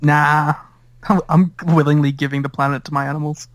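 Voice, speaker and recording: A man's voice: fairly high pitch, level tone, fairly quick, no room sound. Giggly man, dry close sound. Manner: giggly, easygoing. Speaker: podcast host. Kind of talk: casual chat.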